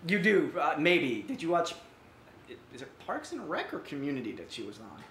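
A man co-hosting a casual podcast, retelling a show scene in animated, rambling bursts full of restarts and fillers. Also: fairly high pitch, moderate pace, a little hiss or hum. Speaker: podcast co-host. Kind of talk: casual chat. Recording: roomy echo.

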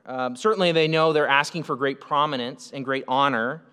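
A man from the United States preaching a sermon, talking to his congregation in a loose, conversational manner with frequent asides. His voice sits somewhat high for a man. The sound carries a long reverb, as in a large hall. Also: fairly bright tone. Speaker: pastor.

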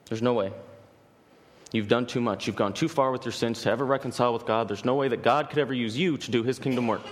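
A man preaching a sermon in earnest, emphatic, repeating key phrases as he builds his points. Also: medium pitch. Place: church sanctuary. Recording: long hall reverb.

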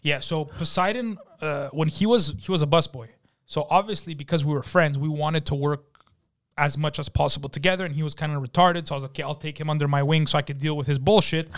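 A young man hosting a casual chat, telling profane, animated stories about restaurant work. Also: fairly high pitch, fast. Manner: profane, animated storyteller, acts out shouted quotes. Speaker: podcast host.

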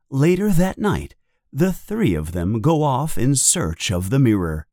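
Slow, expressive man reading a story. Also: medium pitch, dry recording, clean studio sound. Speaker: narrator.

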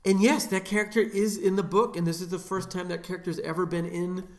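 A man's voice: high-pitched, fairly even intonation, a little fast, a little mellow, roomy sound. A man co-hosting a film podcast, chatting casually and enthusiastically, with lots of fillers. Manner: enthusiastic, filler-heavy, laughs often. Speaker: podcast co-host.

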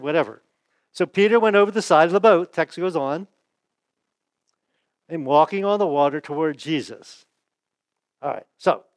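A man preaching a sermon in a relaxed, conversational way, asking his listeners rhetorical questions. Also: on the high side, no room sound. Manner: asks the audience rhetorical questions; folksy, chuckles and restarts. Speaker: pastor.

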